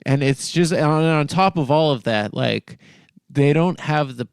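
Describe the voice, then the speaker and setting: A man's voice: on the high side, lively intonation, measured pace, clear, resonant tone, dry recording, clean studio sound. A man co-hosting a casual comedy podcast, rambling with lots of fillers. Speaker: podcast co-host.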